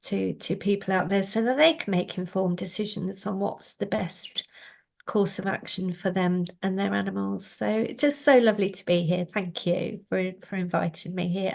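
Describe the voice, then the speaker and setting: A middle-aged woman, a guest on a video call, telling a story in an animated way. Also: mid-range voice, creaky. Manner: animated storyteller, acts out quoted voices. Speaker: guest, canine healer. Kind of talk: storytelling interview answer.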